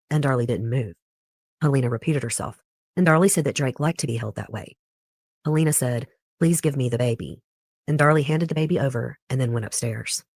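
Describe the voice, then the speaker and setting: A true crime host reads the case from a script, steady and measured, and breaks off now and then for sharp personal remarks. The voice sits at a middling pitch and sounds close and dry, with almost no room around it. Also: no room sound. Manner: measured storytelling with pointed personal asides.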